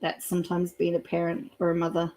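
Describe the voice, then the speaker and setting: A woman's voice: fairly low pitch, completely flat delivery, brisk, darkish tone. Chatty Australian woman live-streaming. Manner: chatty, reads out viewer comments, thinks aloud with fillers. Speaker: YouTube live-stream host. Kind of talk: casual live-stream commentary.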